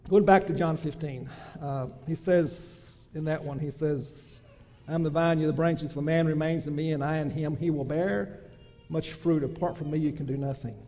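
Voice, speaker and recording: Guy preaching, high voice, loud build-ups then quiet bits, big echoey hall. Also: fairly even intonation, normal speed. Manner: builds to loud emphatic crescendos, then drops soft. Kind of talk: sermon.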